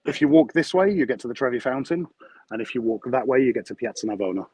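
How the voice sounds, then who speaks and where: A man's voice: medium pitch, animated, quick pace, slightly rough, poor audio. A man chatting casually as a guest, repeating himself and adding lots of "yeah"s. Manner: warm, repetitive, many "yeah"s. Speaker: guest on video call. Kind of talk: casual chat.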